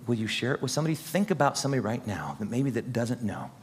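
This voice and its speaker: A man's voice: mid-range voice, very animated, quick pace, slight background noise. A man pastor preaching an earnest, encouraging sermon straight to his congregation. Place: church sanctuary. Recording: husky voice in a long-reverb hall.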